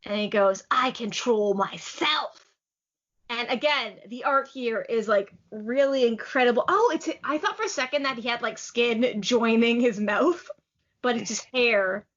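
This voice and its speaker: A woman's voice: a little high, a bit bright. A woman co-hosting a podcast, recapping a manga chapter in a chatty, enthusiastic way with lots of "like" fillers. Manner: chatty and enthusiastic, many "like" fillers, quick laughs. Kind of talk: casual chat. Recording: slightly muffled lo-fi audio.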